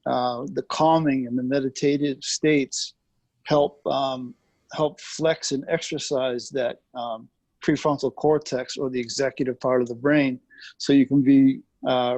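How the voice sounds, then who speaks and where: A man's voice: mid-range voice, steady tone, a little slow, a little mellow, no echo. A man in a discussion group speaking hesitantly, with many fillers.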